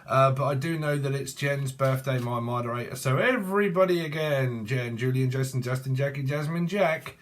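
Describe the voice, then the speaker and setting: A man's voice: medium pitch, moderate pace, hardly any pauses. A man giving a rambling, playful tarot reading, free-associating and laughing often. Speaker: tarot reader.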